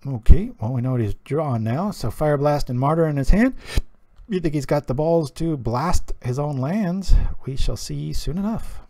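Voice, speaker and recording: A man's voice: mid-range voice, warm tone, no echo. Chatty man commenting on his card game. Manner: chatty, joking, thinks aloud. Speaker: streamer playing a card game. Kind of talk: casual gameplay commentary.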